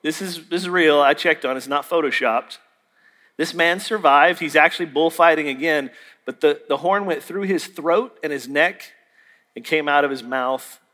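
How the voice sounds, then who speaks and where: A man's voice: on the high side, moderate pace, sharp tone. A man preaching a sermon, telling a story and acting out the dialogue with jokey asides. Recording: long hall reverb.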